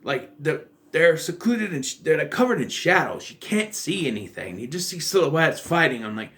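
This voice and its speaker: A man's voice: fairly high pitch, very animated, moderate pace, hardly any pauses, a bit bright. Rambling man reviewing a movie. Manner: rambling, self-correcting, acts out quoted lines. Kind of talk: casual film review.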